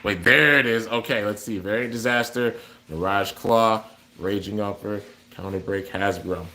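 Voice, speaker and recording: A man's voice: fairly low pitch, moderate pace, bright, forceful tone, roomy sound. A young man hosting a toy giveaway on a livestream, chatty and upbeat as he reads out comments from viewers. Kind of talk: casual livestream chat.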